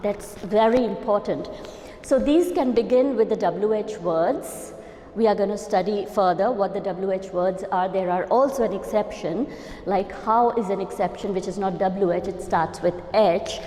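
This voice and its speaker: A woman's voice: mid-range voice, mellow. A woman with an Indian English accent teaching English grammar as a lecturer, explaining step by step, repeating key terms and checking in with "okay?". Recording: echoey hall reverb.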